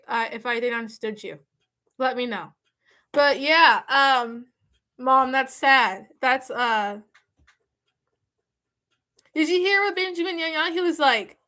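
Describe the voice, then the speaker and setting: A woman hosting a live stream, chatting with her viewers, reading out their comments and answering them in an animated, scolding way. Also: sits high.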